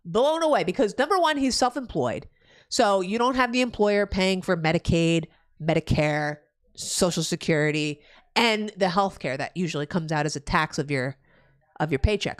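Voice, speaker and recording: Young female streamer, New Jersey, animated and swearing, casual rant. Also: normal speed. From New Jersey, USA. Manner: profane ranting, loud swings in pitch. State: pregnant. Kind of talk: casual live-stream chat.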